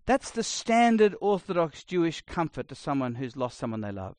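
A middle-aged man preaching a sermon, blunt and conversational, swinging between loud emphasis and quiet asides. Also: a little high, big pitch swings, normal speed, dry recording. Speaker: pastor.

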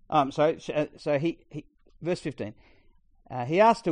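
A middle-aged Australian man preaching a sermon in a chatty, storytelling way with quick asides. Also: fairly high pitch, big pitch swings, a little mellow, no room sound.

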